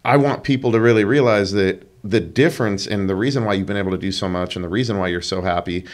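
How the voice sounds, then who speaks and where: Man, podcast host, low voice, emphatic, repeats words. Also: fast. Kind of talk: casual conversation.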